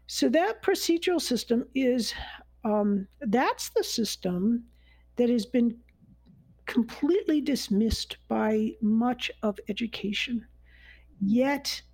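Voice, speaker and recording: A woman's voice: fairly high pitch, creaky, darkish tone, breathy edge, no echo, rough recording. A woman expert chatting about how learning works, rambling with many restarts and fillers. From United States. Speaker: neuroscience guest expert. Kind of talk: conversational explanation.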